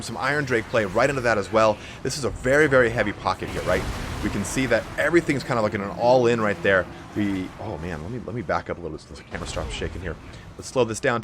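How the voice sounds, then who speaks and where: A young man with a raspy, allergy-hoarse voice giving casual play-by-play commentary on a strategy game match. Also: fairly low pitch, fairly bright tone. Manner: casual, fast-flowing play-by-play with fillers. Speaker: game caster.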